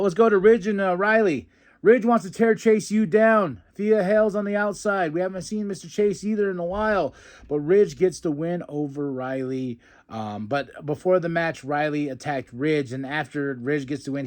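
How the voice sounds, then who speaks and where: A young man hosting a podcast, casually recapping a wrestling show and acting out the wrestlers' lines in put-on voices, with frequent laughs. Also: a little high. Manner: animated, acts out quotes in put-on voices, laughs often.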